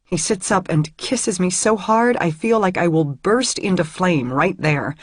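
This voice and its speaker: A woman's voice: lowish voice, measured pace, no room sound. A woman narrating a first-person audiobook in an intimate, emotional reading on a close studio mic.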